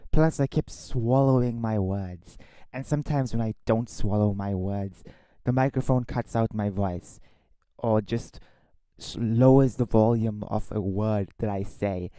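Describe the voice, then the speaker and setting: A man chatting casually on his own livestream, rambling and complaining, often restarting and re-saying his lines, sometimes dropping to a hushed voice. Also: medium pitch, dry recording. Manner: drops to a hushed voice at times. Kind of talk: casual solo livestream chat. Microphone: own desktop microphone.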